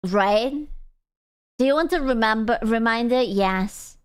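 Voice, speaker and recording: A young woman streaming, chatting casually in a playful, silly way and breaking into excited squeals. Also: fairly high pitch, measured pace, clean tone. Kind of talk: casual livestream chat.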